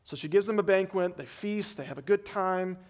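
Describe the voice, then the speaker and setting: High-voiced preacher telling a story. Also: male voice, a little fast, darkish tone. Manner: conversational storytelling, acting out voices. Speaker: pastor. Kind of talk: sermon.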